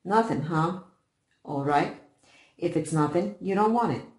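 A woman voicing a brutal teenage boy who bullies, snarling and taunting loudly in a storybook reading with a roomy echo. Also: on the low side, steady tone, normal speed, close to an everyday voice.

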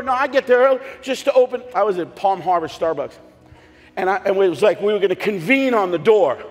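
A pastor preaching a sermon in a church, telling stories with humor and sudden shouted lines. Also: male voice, high voice. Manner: animated storytelling with jokes and bursts of shouting. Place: church sanctuary. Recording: long hall reverb, faint music behind.

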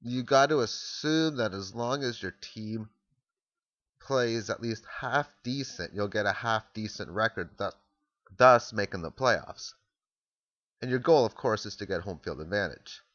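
A man's voice: fairly low pitch, a little slow, a bit bright, dry recording, highs cut off. A man casually explaining football strategy, thinking aloud and restarting sentences as he walks through plays. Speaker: amateur football analyst.

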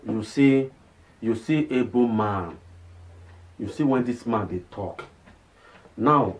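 A man with a Nigerian Pidgin accent giving casual vlog commentary in a chatty way, repeating himself and asking "you understand?". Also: fairly low pitch. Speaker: vlog host.

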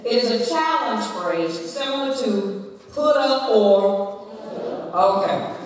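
A woman's voice: fairly high pitch, expressive, slow. A woman giving a women's day sermon in a church, preaching dramatically and emphatically and telling a family story. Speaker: church speaker. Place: church sanctuary. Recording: echoey church hall from far off.

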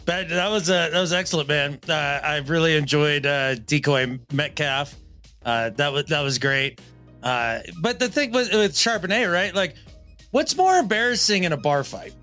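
A man's voice: fairly high pitch, normal speed, sharp tone, soft background music. A man co-hosting a podcast, chatting loosely with frequent laughs and fillers. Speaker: podcast co-host. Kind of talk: casual podcast chat.

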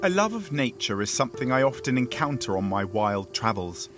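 A man's voice: medium pitch, sing-song, fairly quick. A man presenting a travel documentary, narrating and interviewing outdoors in the bush with an encouraging manner. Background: background music.

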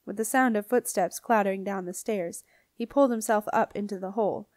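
A woman narrates a children's fantasy audiobook in a steady, clear voice at a middle pitch. The recording is dry and close to the mic. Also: fairly quick, dry recording. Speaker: audiobook reader. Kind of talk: scripted narration.

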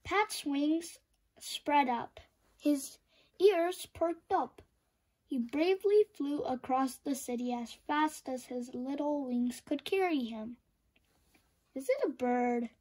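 A woman reading a children's picture book aloud, expressive, with shouted sound effects. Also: high voice, slow. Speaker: storyteller.

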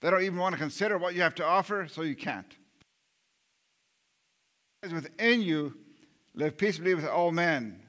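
A man's voice: fairly high pitch, moderate pace, long pauses, fairly bright tone. A male pastor preaching a sermon in an earnest way, often repeating words and restarting, and putting rhetorical questions to the congregation.

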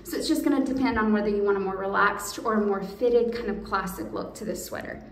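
A woman's voice: medium pitch, fast, vocal fry, distant mic, slight background noise. Gushing woman, echoey room. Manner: gushing, chatty, addresses viewers as y'all. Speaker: clothing try-on host. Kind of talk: casual product try-on video. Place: room indoors.

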